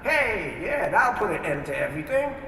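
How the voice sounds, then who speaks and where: A man's voice: high-pitched, sing-song, normal speed, vocal fry, bright, forceful tone, slight background noise. A man, from New York, earnestly telling his life story as a testimony and acting out his own past words. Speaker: speaker giving a testimony. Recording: echoey hall, distant mic, archive.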